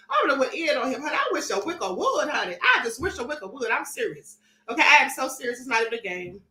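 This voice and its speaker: Sassy high-voiced woman streamer. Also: very animated, fast, pushed and bright, reverberant. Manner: sassy, defiant and emphatic, often laughing. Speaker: host of a live-stream commentary show. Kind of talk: livestream commentary reading chat comments.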